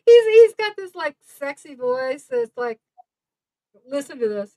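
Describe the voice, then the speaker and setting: A woman's voice: high-pitched, big pitch swings, unhurried, mellow, dry recording. A woman chatting casually on a livestream video call, laughing often through her words.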